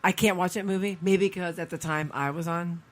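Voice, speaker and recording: Animated podcast co-host full of questions. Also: medium pitch, fairly quick. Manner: animated, asks many questions. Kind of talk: casual chat. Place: studio.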